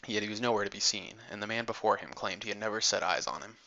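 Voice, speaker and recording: A man reading an adventure audiobook in a measured, steady storytelling manner, on a dull lo-fi recording. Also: on the low side. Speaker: audiobook narrator. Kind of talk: audiobook narration.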